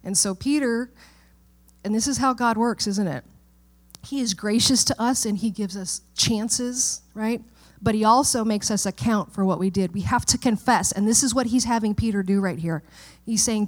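A woman's voice: mid-range voice, moderate pace. Conversational woman pastor preaching. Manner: conversational, checks in with the room. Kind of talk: sermon. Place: church.

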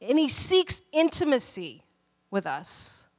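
A woman's voice: high-pitched, very animated, takes it slowly. A woman pastor telling a story in a casual, chatty sermon, with plenty of fillers and restarts. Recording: long hall reverb.

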